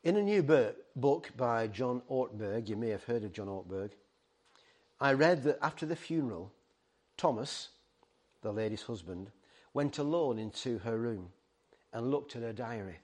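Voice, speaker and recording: A man's voice: medium pitch, lively intonation, normal speed. A middle-aged man preaching a sermon, earnest and pleading, stumbling over words and restarting. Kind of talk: sermon to a ministry team.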